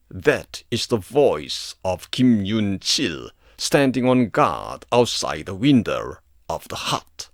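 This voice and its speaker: A male narrator reads an epic poem at an unhurried pace. His pitch rises and falls widely with the drama of the verse. The recording is dry, with no room sound. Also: no room sound. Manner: slow, expressive poetic reading.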